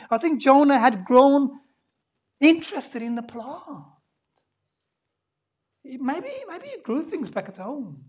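A woman preaching a sermon in a dramatic, animated way, swinging between loud emphasis and hushed asides. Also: sits high, slow, long pauses, slightly rough.

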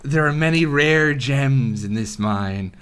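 A man voicing a gruff male dwarf miner who speaks slowly and heartily, in a mid-pitched voice. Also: fairly bright tone. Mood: hearty.

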